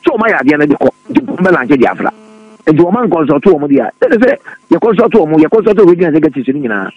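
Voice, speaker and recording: Radio panelist, male: rapid, animated, repeats himself. Dry, muffled studio audio. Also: on the high side, slightly rough, no room sound. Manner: fast, excitable, many repeated words. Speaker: radio talk show panelist. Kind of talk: animated political radio discussion.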